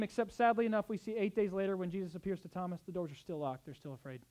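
Male pastor preaching, goes real quiet then gets loud and urgent, chatty asides. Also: high voice, fairly even intonation, very fast. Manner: swings between hushed tenderness and loud urgent exhortation; acts out quoted speech in conversational asides. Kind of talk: sermon.

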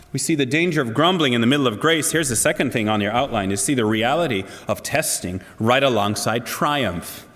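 A man's voice: medium pitch, in a large hall. A man preaching a sermon to a congregation, earnest and asking them direct questions. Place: church hall.

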